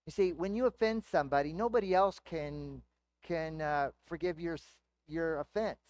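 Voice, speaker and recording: A man preaching with a somewhat high voice, talking through his points in a plain, conversational way and posing questions to his listeners. The sound is dry and close. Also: moderate pace, a little mellow, dry recording. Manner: conversational teaching with rhetorical questions. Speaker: pastor. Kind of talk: sermon.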